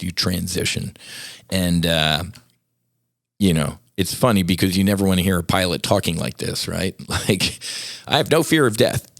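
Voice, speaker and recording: A man's voice: sits low, creaky, dry recording, studio quality. A middle-aged man hosting a podcast, talking candidly and growing passionate, rising into emphatic rants. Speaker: podcast host. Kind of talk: casual solo podcast talk.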